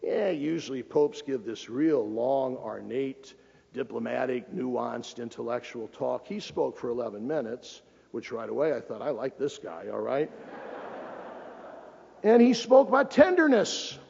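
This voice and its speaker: A man's voice: medium pitch, lively intonation, measured pace, creaky, a little mellow, a little hiss or hum. A man giving a public lecture as a cardinal, folksy and emphatic, joking with the audience. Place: lecture hall. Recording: lo-fi recording with long hall reverb.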